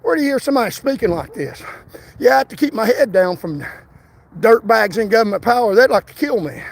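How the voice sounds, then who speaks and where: Man, high voice, defiant livestream rant, outdoors walking. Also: lively intonation, brisk, vocal fry, dry recording. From Tennessee. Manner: defiant, repetitive. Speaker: political livestreamer.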